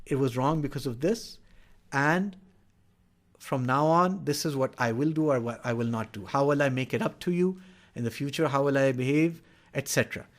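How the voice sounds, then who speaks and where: At a moderate pace and in a mid-range voice, a middle-aged educator gives an explanatory talk on child development. He stays earnest and instructive, now and then voicing what a parent or child might say.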